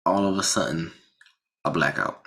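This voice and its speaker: A man casually telling a personal story about a car accident, animated, with frequent restarts and blunt swearing. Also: low-pitched, moderate pace, creaky.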